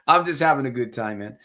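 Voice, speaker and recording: A man's voice: mid-range voice, bright, forceful tone. A man hosting a live motivational broadcast as a recovery coach. He talks to viewers as friends in a preachy way, repeats his phrases for emphasis, and reads out viewer comments. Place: home studio with green screen.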